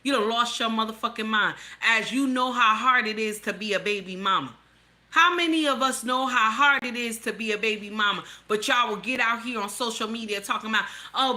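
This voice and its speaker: Her voice fairly high, pushed and bright, a middle-aged woman curses heavily in a reaction video. She lectures her viewers in a blunt, heated way.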